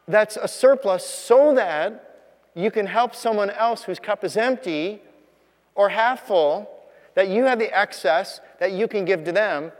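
A pastor with a high voice preaches in an easy, conversational way, leaning hard on key words and tossing rhetorical questions to his listeners. His voice rings out with the long reverb of a large hall. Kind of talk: sermon.

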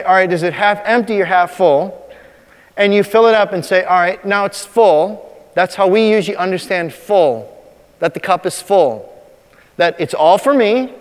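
A man preaching a sermon as a pastor, talking conversationally and slowing down to stress key points. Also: high-pitched, big-room sound. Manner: conversational preaching, slows for emphasis.

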